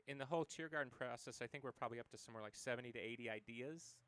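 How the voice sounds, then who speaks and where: A man's voice: medium pitch, very fast, fairly bright tone, clear, resonant tone. A man in his forties from the United States, a musician telling stories as an interview guest, rambling with many fillers and acted quotes. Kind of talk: casual interview conversation.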